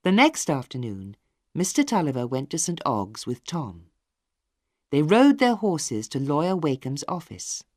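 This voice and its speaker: Slow, deliberate woman narrator. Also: deep voice, big pitch swings, darkish tone, dry recording, studio quality. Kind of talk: slow graded-reader audiobook narration.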